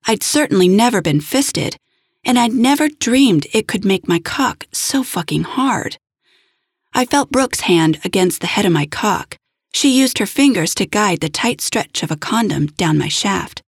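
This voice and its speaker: A woman narrating an erotic audiobook story in a calm, even storytelling manner. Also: mid-range voice, measured pace, breathy edge, dry recording, clean studio sound.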